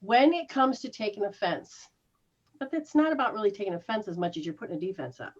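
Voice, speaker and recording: A woman's voice: medium pitch, fast. A woman healer talks a client through her habits in a casual session. Her voice leaps up and down as she acts out startled reactions. The recording sounds muffled and lo-fi. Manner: animated, mimics reactions with gasps and laughs. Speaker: spiritual healer giving live sessions. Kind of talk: casual one-on-one coaching.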